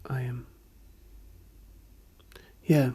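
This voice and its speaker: A man's voice: medium pitch, level tone, extremely slow, warm tone, husky. A man, a musician, speaking in a candid interview, hesitant and searching for words, openly earnest and emotional.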